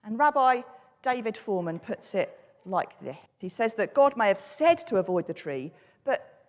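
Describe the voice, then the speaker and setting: A woman's voice: medium pitch, normal speed, in a large hall. A woman with a British accent giving a reflective sermon, asking many questions as she talks. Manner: questioning, reflective, lively delivery. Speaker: church speaker.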